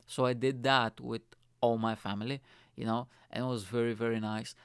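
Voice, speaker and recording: A man's voice: mid-range voice, normal speed, clean tone, no room sound, studio quality. A young man from Bulgaria hosting his own show, telling a long, rambling personal story and acting out the voices of people in it. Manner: rambling, animated, acts out quoted voices. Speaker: podcast host. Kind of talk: casual storytelling monologue.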